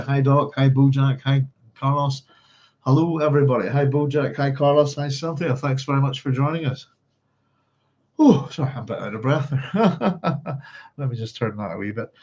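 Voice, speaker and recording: A man's voice: medium pitch, darkish tone. A man hosting a book club livestream, chatting in a rambling, casual way. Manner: rambling, chatty, hums to himself. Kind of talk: casual livestream chat and reading. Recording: slightly dull lo-fi stream audio.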